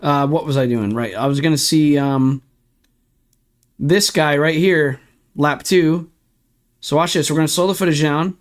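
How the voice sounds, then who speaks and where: A man's voice: on the high side, a little slow, pauses often. A young man streaming sim racing, ranting in frustration and swearing while walking through replay footage. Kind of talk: ranting livestream commentary.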